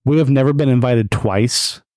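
A man's voice: medium pitch, normal speed, darkish tone, no room sound, studio quality. Teasing man in his forties. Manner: teasing, interrupts. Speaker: husband on a podcast. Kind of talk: casual banter.

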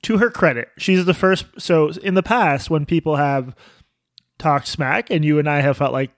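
A man co-hosting a podcast in casual, teasing chat, animated and quick to talk over his partner. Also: fairly high pitch, dry recording, studio quality. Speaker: podcast co-host.

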